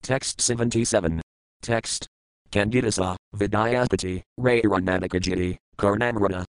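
A man reading scripture aloud in a measured way, saying each foreign term and then its English meaning. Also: lowish voice, smooth, no room sound, rough recording. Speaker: scripture reader.

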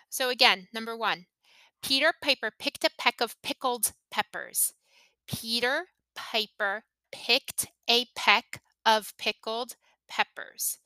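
Slow, crisp woman teaching pronunciation. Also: a little high, sharp tone, no echo. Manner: careful, deliberate modeling of intonation. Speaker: English teacher and podcast host. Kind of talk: slow, clear pronunciation lesson.

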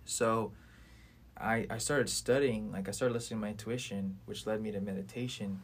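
A man's voice: on the low side, fairly even intonation, moderate pace, a little hiss or hum. A man in his twenties talking earnestly and at length in a casual podcast conversation, rambling and swearing freely.

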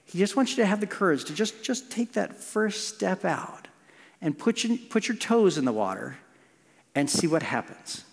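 A man preaching a sermon as pastor, telling stories with restarts and moving between lively and hushed passages. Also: high-pitched, moderate pace, vocal fry. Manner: storytelling with frequent restarts, swinging between animated and hushed. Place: church sanctuary. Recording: long church reverb.

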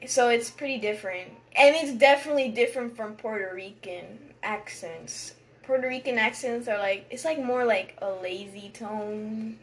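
A woman's voice: on the high side, moderate pace, hardly any pauses. A teenage girl with a Uruguayan family background, chatting casually with lots of fillers and giggles. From United States, Uruguayan family. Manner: rambling, filler-heavy, giggly. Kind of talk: casual chat.

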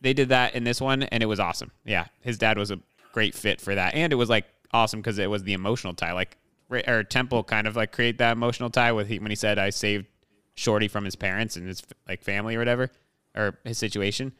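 Young dude rambling about a movie, smooth lowish voice, dry sound. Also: male voice, steady tone, quick pace, pushed and bright, dry recording. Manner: rambling, filler-heavy, laughs often. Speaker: podcast co-host. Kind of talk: casual movie discussion.

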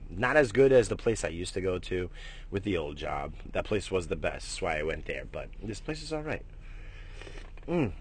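A man hosting a casual morning vlog, rambling and swearing, jumping between loud bursts and low mutters. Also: husky. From United States. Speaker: morning stream host.

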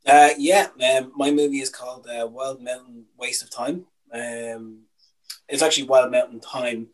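A man's voice: medium pitch, steady tone, unhurried, low-quality recording. A young Irish man co-hosting a casual podcast, opinionated and ranting, with some swearing. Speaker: podcast co-host.

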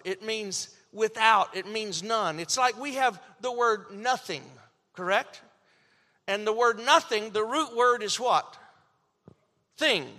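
A man with a very high, bright voice preaches a slow, deliberate sermon. He tells the story animatedly, acts out quotes and often stumbles into restarts. His voice rings with a long hall reverb.

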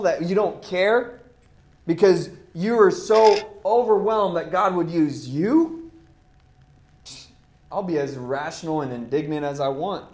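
A man's voice: sits high, a little mellow. A man preaching a sermon in an impassioned, conversational way. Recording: roomy echo.

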